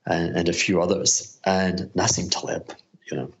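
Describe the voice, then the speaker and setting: A man telling a casual anecdote, chuckling and animated. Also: low voice, moderate pace, lo-fi sound. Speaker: recorded guest question.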